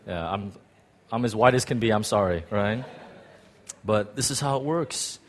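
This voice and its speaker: A man preaching a sermon in an animated, rambling way, with self-deprecating asides, speaking to a church congregation. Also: lowish voice, moderate pace, long pauses. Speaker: pastor.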